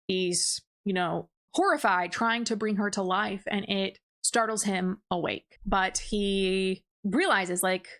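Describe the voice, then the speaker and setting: A woman's voice: mid-range voice, a bit bright. Chatty woman recapping a book. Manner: chatty, filler-heavy with frequent "like" and laughs. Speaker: book reviewer. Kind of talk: casual spoken book recap. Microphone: desk microphone.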